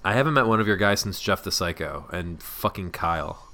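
A man's voice: sits low, animated, brisk, pushed and bright. A man in a scripted comedy scene, talking casually with friends in a wry, teasing way. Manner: wry, teasing, reads aloud with mock drama.

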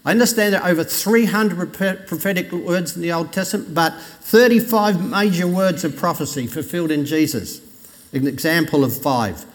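A man preaching a Sunday sermon in a conversational way, lifting his voice for emphasis and dropping it low when he quotes scripture. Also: moderate pace. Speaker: pastor. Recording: long reverb of a church hall.

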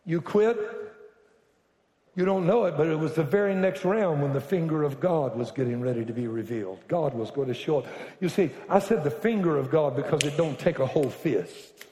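A man preaching a sermon to a congregation, building from slow, deliberate lines up to shouted declarations. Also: on the high side. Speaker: pastor. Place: large church hall. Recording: echoey hall from far off.

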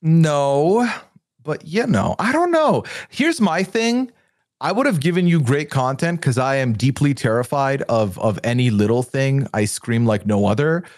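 A man's mid-range voice, a little slow, comes through in studio quality with no room sound. He's co-hosting a podcast, casually and playfully recapping a reality show episode with animated, excitable energy.

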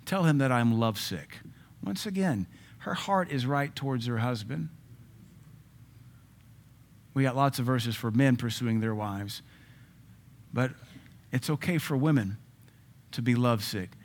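A man's voice: medium pitch, a little slow, long pauses. Joking preacher man with punchy delivery. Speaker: pastor. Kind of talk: sermon.

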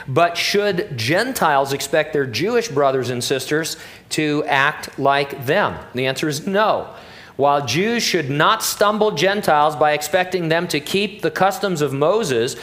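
Man, middle-aged, pastor, sermon, slightly high voice, chatty with jokes and asides. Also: fairly bright tone. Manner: conversational and joking, with many asides and fillers. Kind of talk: expository sermon.

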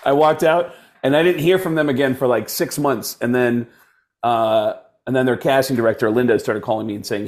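A man, a guest comedian, telling casual stories with lots of quick voices and laughs. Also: mid-range voice. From United States. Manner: animated, does quick voices mid-story, laughs through anecdotes. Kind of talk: casual storytelling.

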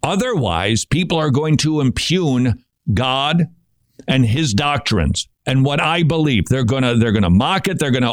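A man hosting a faith talk show speaks earnestly about scripture, his pitch rising and falling in a lively way. He often stumbles, repeats words and restarts his thoughts. The sound is dry and close, with no room around it. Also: unhurried, no echo. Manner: earnest, stammers and restarts when thinking. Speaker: Christian podcast host. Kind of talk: casual Bible commentary.

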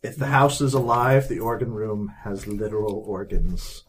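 A man at a board game night who explains the rules and drops quick jokes. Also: on the low side, breathy edge. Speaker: player. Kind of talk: casual tabletop game play.

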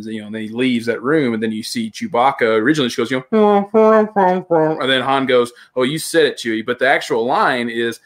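A man with a mid-range voice co-hosts a podcast. He retells a scene casually, full of fillers and "you know". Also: mid-range voice. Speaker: podcast co-host.

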